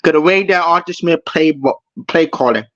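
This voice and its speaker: Fired-up guy cussing and repeating himself, slightly high voice, muffled dry audio. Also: moderate pace, fairly bright tone, no room sound. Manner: heated, profane, repeats himself. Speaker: caller on a fan show. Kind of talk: angry fan rant.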